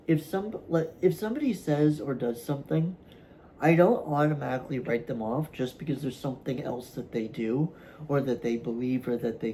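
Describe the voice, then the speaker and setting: A man hosting his own vlog, talking casually to camera from a room at home, halting and rambling with many fillers and restarts, yawning at times. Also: medium pitch, warm tone, slight background noise, poor audio. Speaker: vlog host.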